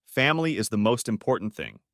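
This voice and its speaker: A man voicing a smug, smooth-talking male friend in an audiobook story. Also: fairly low pitch, very animated, fairly quick, fairly bright tone, dry recording, clean studio sound.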